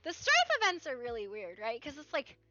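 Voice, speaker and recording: A woman streamer chatting casually about a roleplay game, rambling and animated, often tagging "right?" onto her points. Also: high-pitched, brisk, dry recording. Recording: slightly dull stream mic with faint music.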